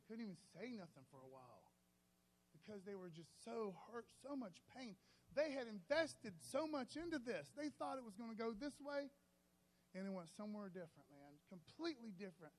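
High-voiced casual male preacher. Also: moderate pace. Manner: casual storytelling, says "man" often, animated shifts in loudness. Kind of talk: sermon.

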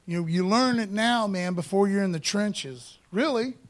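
A man preaching a sermon in a casual, conversational way, often adding "man" and "you know" and slowing down to read scripture with emphasis. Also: sits high. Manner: reads scripture slowly and emphatically. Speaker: pastor.

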